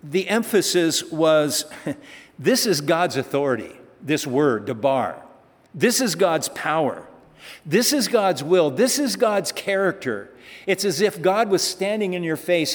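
A man's voice: a little high, big pitch swings, unhurried. Guy preaching a bible study, chatty then emphatic, echoey church hall. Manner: conversational, reads scripture then comments, rising emphatic passages. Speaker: pastor. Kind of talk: sermon, Bible teaching. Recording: reverberant hall.

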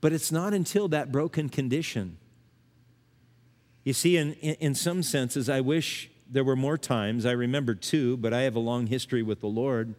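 Earnest older man preaching in a reverberant hall. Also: moderate pace. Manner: earnest, swings between emphatic rises and hushed low lines. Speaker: pastor. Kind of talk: sermon.

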